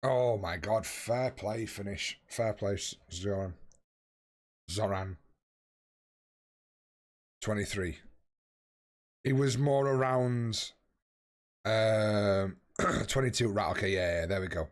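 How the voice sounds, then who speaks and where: A man's voice: fairly low pitch, takes it slowly, long pauses. A man in his late thirties live-streaming a game, chatting casually and swearing freely with his viewers while tired and yawning. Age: 30s. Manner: swears freely, bantering with chat.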